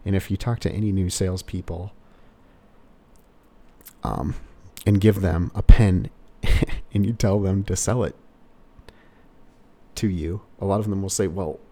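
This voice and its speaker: A man's voice: low voice, steady tone, unhurried, long pauses, warm tone. A male car salesperson giving casual sales advice in a rambling way, full of "you know" fillers.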